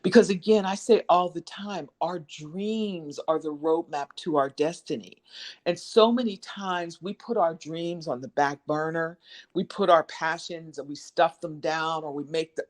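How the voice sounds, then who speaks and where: A woman leading an online support group as a guest speaker, giving an encouraging motivational talk that affirms listeners and repeats key phrases, over a video call. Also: low-pitched.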